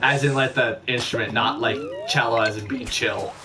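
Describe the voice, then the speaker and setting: Brief: young male streamer, monotone self-mocking commentary, distant mic, steady noise. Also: mid-range voice, moderate pace. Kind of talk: casual gameplay commentary.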